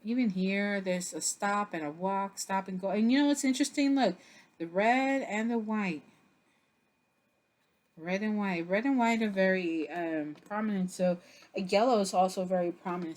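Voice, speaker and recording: A woman giving a casual tarot reading to camera, chatty and expressive, with a loose delivery full of fillers, who laughs and swears when something surprises her. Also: on the low side. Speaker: tarot reader.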